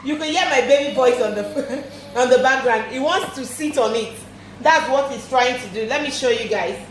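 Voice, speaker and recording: A young woman in a casual home vlog unboxing a baby product. She talks chattily, repeats her phrases and gushes about how nice it is. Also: moderate pace. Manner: turns high and sing-song when talking to her toddler. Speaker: vlogger reviewing a baby product. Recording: echoey room with background noise.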